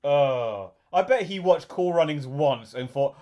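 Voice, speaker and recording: Wry, sweary man, a bit high. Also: animated, unhurried, a little mellow, muffled recording. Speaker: podcast co-host. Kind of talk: casual banter.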